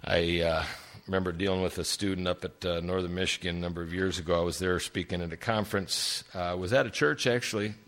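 An older man preaching a sermon, telling stories with big swings in pitch for emphasis. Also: fairly even intonation, fast, fairly bright tone.

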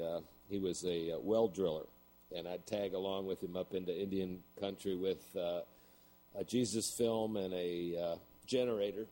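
A man's voice: low voice, warm tone, rough recording. A middle-aged man preaching a sermon, telling a story and then building to emphatic points. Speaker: pastor.

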